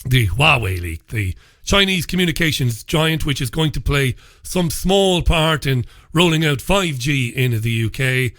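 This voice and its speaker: Talk show host, male, sarcastic newspaper commentary, bright voice, dry close sound. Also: mid-range voice, animated, unhurried, hardly any pauses, no room sound. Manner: sarcastic and mocking, laughs at his own stories; blunt and profane. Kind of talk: solo commentary reviewing newspapers.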